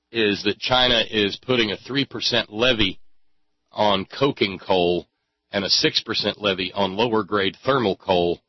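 A man's voice: fairly low pitch, husky, no echo, lo-fi sound. A man ranting in sarcastic, angry commentary and swearing freely. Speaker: political commentator.

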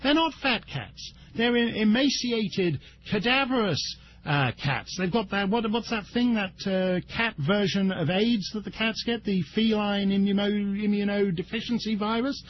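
British talk-radio guest host, high voice, mocking, muffled broadcast sound with faint hiss. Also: male voice. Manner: mocking, rambling with searching pauses. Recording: dull lo-fi radio broadcast audio.

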